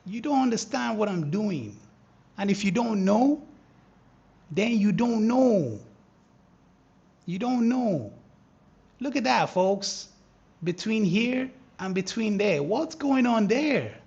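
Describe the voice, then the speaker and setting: A man hosting a live trading stream, commenting on charts in a teasing, animated way that breaks into excited shouting. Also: high voice, slow, creaky, long pauses, breathy edge, muffled recording. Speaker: trading livestream host.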